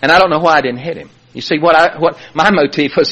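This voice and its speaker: A middle-aged man giving personal testimony at a recovery meeting from a podium, telling his story animatedly and swinging from hushed to loud. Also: fairly high pitch, fast talker, hardly any pauses, highs cut off. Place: speaking at a podium.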